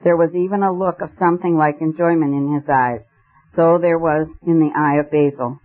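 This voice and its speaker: A man reading a story aloud in a measured, expressive narration. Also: fairly high pitch. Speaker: audiobook narrator. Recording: dull lo-fi recording.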